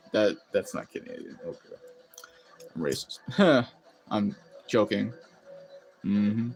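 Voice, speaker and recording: A man's voice: lowish voice, flat delivery, unhurried, long pauses, soft background music. A man chatting casually on a live stream, rambling and laughing often as he reacts to chat. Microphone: phone.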